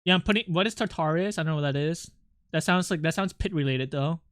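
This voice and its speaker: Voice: mid-range voice, fast, fairly bright tone, no room sound, clean studio sound. A streamer who chats with viewers while drawing, rambling and joking, swearing a lot and laughing often. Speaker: art streamer chatting with viewers. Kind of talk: casual live-stream chat.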